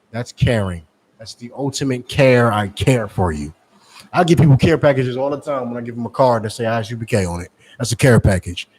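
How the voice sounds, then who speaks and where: Forceful man preaching on the street. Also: mid-range voice. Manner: forceful, scolding, repetitive preaching.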